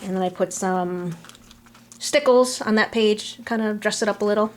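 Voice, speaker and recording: A middle-aged woman chatting casually through a scrapbook album, relaxed, trailing off between items, recorded on a camera mic at home. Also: medium pitch, normal speed, slight background noise. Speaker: crafter showing a scrapbook album. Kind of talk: casual show-and-tell narration.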